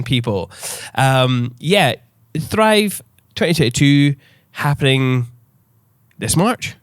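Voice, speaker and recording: A man hosting a podcast in casual chat, excitable, swearing freely and laughing often. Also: mid-range voice, slow, no room sound, studio quality. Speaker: podcast host.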